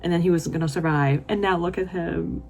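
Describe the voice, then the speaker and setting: A woman's voice: on the low side, fairly even intonation, fairly quick, darkish tone, slight background noise. A woman vlogging as she reads a novel, reading passages aloud and then gushing about them with emotion, sometimes dropping to a whisper. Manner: breaks into whispers and laughter. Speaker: book vlogger.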